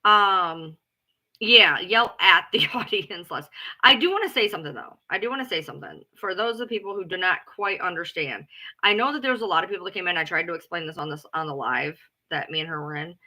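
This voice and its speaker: A woman talking in a casual rant to her followers, blunt and profane, repeating herself for emphasis and calling herself loud. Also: lowish voice, animated, fairly quick. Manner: loud, self-described alpha female. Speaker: live streamer. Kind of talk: casual ranting chat.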